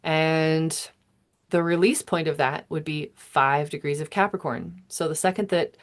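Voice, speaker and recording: Woman astrologer in her thirties, slightly low voice, casual wandering monologue that interrupts itself and chuckles. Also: fairly even intonation, unhurried. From United States. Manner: meandering, self-interrupting, chuckling.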